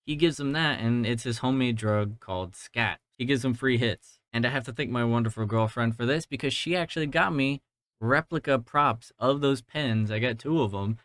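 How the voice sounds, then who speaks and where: A man's voice: medium pitch, moderate pace, a bit bright, no echo. Young male podcast host from Georgia, casual profane movie talk, resonant tone, dry close mic. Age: 20s. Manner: rambling, profane, self-deprecating. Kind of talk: casual movie review monologue. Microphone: mounted podcast mic.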